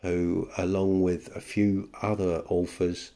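A man leaving a voicemail, speaking in an unhurried, wry way. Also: low-pitched, little pitch movement, creaky, dark tone. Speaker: caller. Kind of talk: voicemail message.

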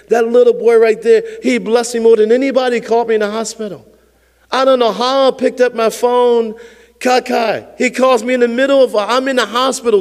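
An older man, a pastor, preaching a sermon with emphatic swells that sink to hushed, close tones, chuckling now and then. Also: sits high. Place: church sanctuary. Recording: long reverb of a church hall.

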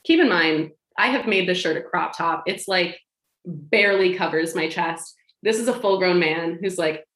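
Animated woman telling a story, roomy sound. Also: fairly low pitch. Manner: animated, laughing, acts out quoted lines. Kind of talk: casual storytelling chat. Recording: roomy echo.

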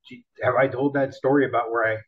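A man casually telling a wild story from his car-selling days, animated and profane, acting out the people in it. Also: mid-range voice, fast, breathy edge. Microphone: laptop built-in mic. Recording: dull lo-fi laptop mic.

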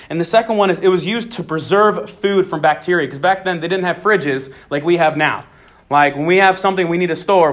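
A young man leading a Bible talk for students, earnest and casual, leaning on "just" and "so" and repeating key lines for emphasis. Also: sits high. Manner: casual filler-laden phrasing, many "just" and "so". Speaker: student ministry leader. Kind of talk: youth Bible talk with prayer.

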